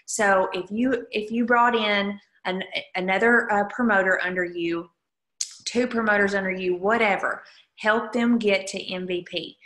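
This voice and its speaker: Speaking at a measured pace in a steady, slightly bright mid-range voice, this woman coaches her sales team casually over a video call. She's chatty and upbeat, often turning to her listeners with asides, and her video call mic catches an echoey room.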